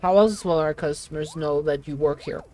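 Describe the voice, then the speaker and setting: A woman voicing a big, gentle male tea shop keeper in a game, using a put-on foreign accent and formal, broken phrasing. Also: low-pitched, normal speed, natural voice. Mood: instructive.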